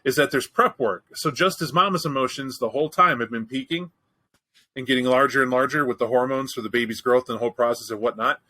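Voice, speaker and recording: A man hosts a show in easy, casual chat. His voice is bright and forceful. He tells his story bluntly, swears freely and jokes as he goes. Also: mid-range voice, fast, rough recording. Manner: candid, profane, joking storyteller. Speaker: podcast host.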